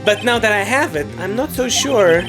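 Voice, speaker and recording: A woman reading an earnest young male defense attorney in a video game, lowering her voice. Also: lively intonation, normal speed, close to an everyday voice. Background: game music.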